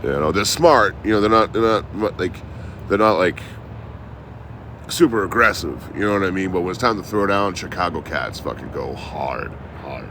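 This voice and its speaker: A man's voice: low-pitched, expressive, moderate pace, background noise. A man chatting on a casual outdoor livestream, telling road stories in a profane, rambling, laid-back way. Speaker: traveling live streamer.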